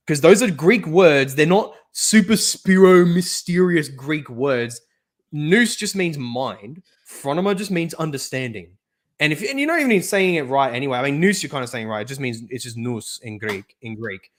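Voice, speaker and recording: A man hosting a casual live stream, chatting in a jokey, animated way with frequent restarts. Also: fairly high pitch, moderate pace. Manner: jokey, animated, often laughs, many restarts. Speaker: stream host.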